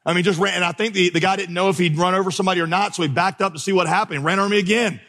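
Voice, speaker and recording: A pastor preaches from the stage, his voice a touch higher than most men's. He drives points home by repeating words and spins lively, humorous stories. The sound trails off in the long reverb of a large hall. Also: racing. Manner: storytelling with vivid, humorous asides; emphatic repetition. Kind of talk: preached sermon. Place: church stage before a congregation.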